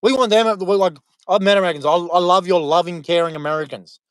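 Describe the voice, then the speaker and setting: A man with an Australian accent talks in a loose, rambling monologue full of fillers and restarts. His voice sits high for a man and sounds close and dry, with no room around it. He leans hard on his points and slides into preaching. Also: fast, smooth, no room sound. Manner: rambling, emphatic, many fillers. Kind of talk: casual monologue to camera.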